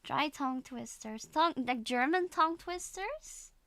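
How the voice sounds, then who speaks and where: A woman's voice: sits high, lively intonation, measured pace, pushed and bright, no echo. A woman streamer chatting casually and playfully, giggling as she tries things out. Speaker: livestreamer. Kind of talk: casual livestream chat.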